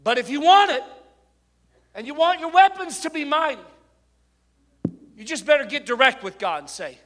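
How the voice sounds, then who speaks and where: A middle-aged male preacher delivering a sermon, moving between quiet personal storytelling and loud, impassioned exhortation. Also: very high voice, lively intonation, moderate pace.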